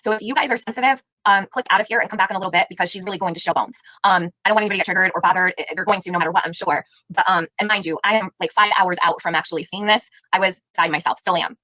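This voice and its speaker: A woman's voice: medium pitch, racing, hardly any pauses, bright, forceful tone, dry recording, poor audio. A woman hosting a live stream, giving heated, indignant commentary and firing rhetorical questions at her chat. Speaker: livestream host.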